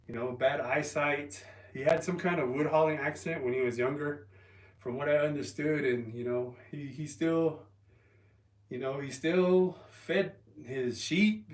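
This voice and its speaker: Man, casual livestream chatter, rambly with restarts, slightly high voice, roomy and off-mic. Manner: rambling, halting with ums and restarts. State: resting an injured calf. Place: home, lifting weights while streaming. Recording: roomy, from a distance.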